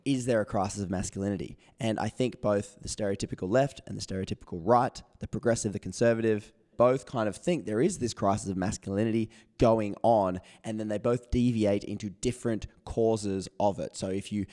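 Hoarse, lowish-voiced man, casual solo podcast host, joking at his own expense. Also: fairly quick, few pauses, mellow. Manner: chatty, self-mocking and playful. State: hoarse, voice not working properly.

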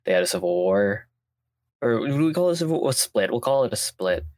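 This man has a low voice and a lively, off-the-cuff way of explaining things, piling one aside onto the next. His voice comes across dry and close to the mic. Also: a little fast, dry recording. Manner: animated, explains history in loose asides. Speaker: podcast co-host. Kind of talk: casual chat.

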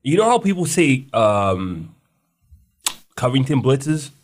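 A man co-hosting a podcast in casual chat, talking in an excited, loose way with casual swearing. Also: medium pitch, slow pace. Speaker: podcast co-host.

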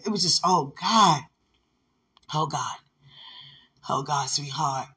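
A man's voice: a little high, takes it slowly, pauses often, sharp tone, slightly rough. A man speaking lovingly and devotionally to his fiancé, rambling and laughing often, at home. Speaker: vlogger. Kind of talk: casual devotional talk to a fiancé. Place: home by a window.

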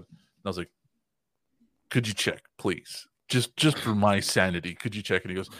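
A man's voice: fairly low pitch, a little fast, a bit bright, no echo, studio quality. A man in his twenties telling a story on a podcast, laughing often, swearing freely and acting out what other people said. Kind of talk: casual storytelling chat.

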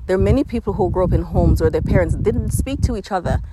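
A woman's voice: lowish voice, quick pace. A slightly breathless woman talks earnestly in a reflective monologue, often circling back to rephrase her thoughts. She is recorded outdoors on a hilltop, and heavy wind noise roars across the mic. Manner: earnest, searching, restarts phrases. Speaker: podcast host.

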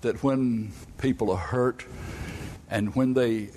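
A man's voice: takes it slowly, mellow, a little hiss or hum. Older man preaching a folksy sermon. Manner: folksy storytelling preacher, rising to high emphatic peaks. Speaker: pastor.

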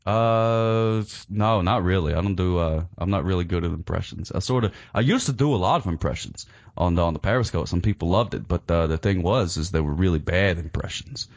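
An American man interviewing a guest in a casual chat, animated and rambling, often repeating his words. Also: low-pitched, fairly quick, few pauses. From United States. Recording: dull lo-fi recording.

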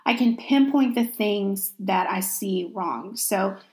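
A young woman speaks candidly about her own life in a casual, unscripted way. She sounds reflective, restarting her sentences and using plenty of "you know" as she works through her thoughts. Her voice sits at an ordinary middle pitch for a woman. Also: slow pace, a little mellow. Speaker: vlogger sharing a personal story. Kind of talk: casual personal storytelling.

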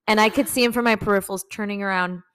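A young adult woman, a married mother, co-hosting a casual podcast, chatty and quick to laugh. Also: medium pitch, fairly even intonation, a bit bright, slight background noise. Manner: chatty, laughs often, acts out quoted voices. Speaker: podcast co-host. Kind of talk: casual chat.

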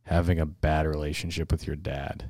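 A young man with a very low, deep voice co-hosts a podcast, rambling along with plenty of "like"s. The sound is dry and close. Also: little pitch movement, moderate pace, darkish tone, no room sound. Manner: rambling, lots of fillers like "like". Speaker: podcast co-host. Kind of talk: casual chat.

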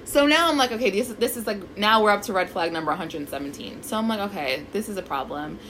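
Animated woman telling a story. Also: medium pitch, fast talker, a little hiss or hum, poor audio. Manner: animated, swearing, acts out quotes. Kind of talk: casual storytelling chat.

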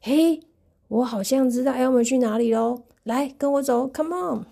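A woman doing squealing excited elephants. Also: sits high, normal speed, vocal fry, voice pushed up. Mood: eager. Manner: excited, exclamatory. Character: excitable herd of elephants, childlike and easily amazed.

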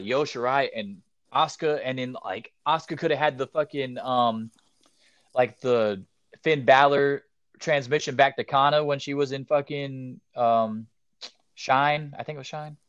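A young man co-hosting a casual wrestling podcast, excitable and profane, ranting his opinions. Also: mid-range voice, unhurried, no echo, highs cut off. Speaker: podcast co-host.

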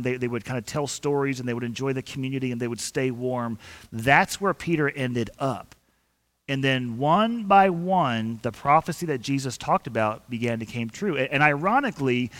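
Male pastor, animated storyteller, repeats and restarts often; sermon delivery. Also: medium pitch. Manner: animated storytelling, acts out quoted voices; frequent repetitions and restarts.

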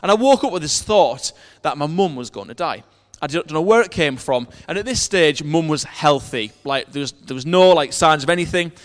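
A man's voice: fairly high pitch, animated, a little fast, hardly any pauses. Earnest man preaching in a hall. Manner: earnest storytelling with scripture readings, frequent restarts. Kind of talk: sermon.

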